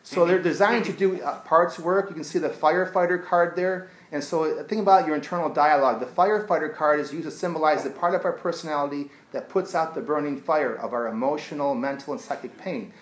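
His voice a little high and fairly quick with few pauses, a man who works as an addiction therapist relates a client's story to an audience. The earnest delivery turns hushed during the retelling, and the low-quality recording is reverberant.

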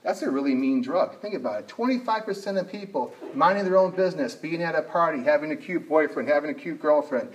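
A man's voice: a little high, lively intonation, fast talker, few pauses, recorded from a distance, lo-fi sound. Man giving a talk from across a room. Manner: storytelling, asks the audience questions. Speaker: speaker on addiction. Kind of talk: motivational talk to an audience. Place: room with a live audience.

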